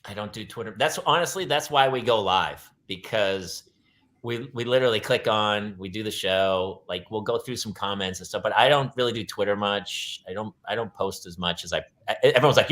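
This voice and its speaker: A male podcast host in loose casual chat. He talks emphatically and repeats himself to drive points home. His voice is bright and forceful. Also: lowish voice, a little fast.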